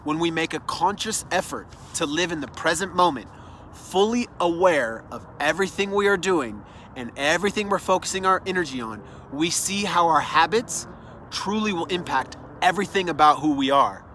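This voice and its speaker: A man's voice: fairly high pitch, lively intonation, normal speed, pushed and bright, slight background noise. A man giving an earnest, encouraging motivational talk that speaks straight to the listener, recorded outdoors. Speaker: self-development speaker. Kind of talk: motivational monologue.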